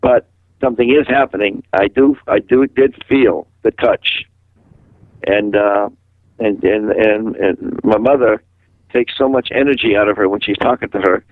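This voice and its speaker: A man's voice: fairly low pitch, unhurried, no room sound. Older guy from massachusetts on the phone, thin tinny line, dry sound, telling stories and doing everyone's voices. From Massachusetts, USA. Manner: animated storyteller who acts out quoted voices. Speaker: interviewee, musician. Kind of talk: rambling storytelling in a phone interview.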